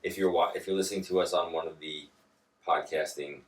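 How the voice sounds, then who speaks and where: A man's voice: low-pitched, fairly even intonation, fairly quick, recorded from a distance. A man co-hosting a casual podcast, joking around, laughing often and slipping into silly voices. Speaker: podcast co-host. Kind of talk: casual chat. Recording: echoey room, voice a bit off-mic.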